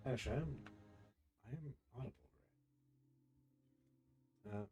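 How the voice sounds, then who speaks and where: A man's voice: medium pitch, lively intonation, brisk, pauses often, darkish tone, husky. A man streaming a game from home, chatting casually and rambling between bites of food. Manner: rambling, chatty, talking while eating. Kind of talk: casual live-stream chat.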